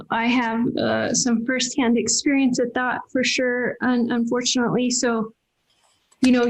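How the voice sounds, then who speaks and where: A woman's voice: on the high side, poor audio. A woman veterinarian, a podcast guest, telling a personal story earnestly and emotionally, often restarting her sentences. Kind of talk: candid interview storytelling.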